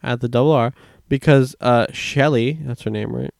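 Excitable young man co-hosting a podcast. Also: medium pitch, moderate pace, gravelly. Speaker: podcast co-host. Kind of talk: casual episode recap chat.

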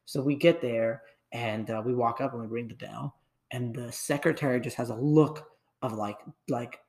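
A young man tells a story in a loose, rambling way, tripping over restarts. His voice has a gravelly edge and sits in a middle pitch. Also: moderate pace, a little mellow. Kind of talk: casual storytelling chat.

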